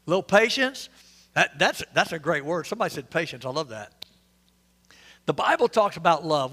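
A man's voice: a little high, a bit bright, husky, big-room sound. A male pastor, preaching an interactive, joking sermon and questioning his congregation. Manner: conversational, quizzing the congregation, joking asides. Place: church sanctuary.

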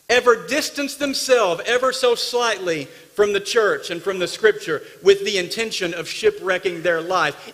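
A man preaching a sermon from the pulpit, emphatic and dramatic, dropping from loud bursts to hushed asides. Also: high-pitched, long reverb tail. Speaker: pastor. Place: church sanctuary.

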